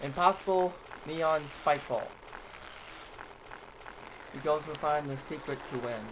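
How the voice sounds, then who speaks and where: A man's voice: fairly high pitch, a little slow, low-quality recording. A young man giving rambling let's-play commentary as a gaming YouTuber, swearing and yelping when he fails. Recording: loud background noise.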